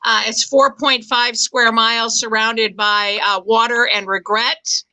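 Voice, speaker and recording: Bright high-voiced woman doing stand-up. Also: little pitch movement, poor audio. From Boston area, USA. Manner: self-deprecating, halting with ums and restarts. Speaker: stand-up comic. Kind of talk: stand-up comedy set. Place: comedy club stage with audience.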